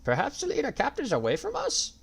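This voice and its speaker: A man voicing a frightened elderly village elder who speaks in a quavering, stammering voice, high above his own. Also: wildly swooping pitch, fast talker, creaky, slightly rough, full character voice. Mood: panicked.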